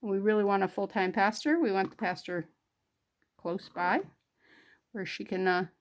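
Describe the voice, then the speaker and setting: A woman's voice: mid-range voice, moderate pace, slight background noise. A middle-aged woman from northern New York, hosting a jewelry crafting vlog in a homey, rambling way with many fillers. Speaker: jewelry crafting channel host.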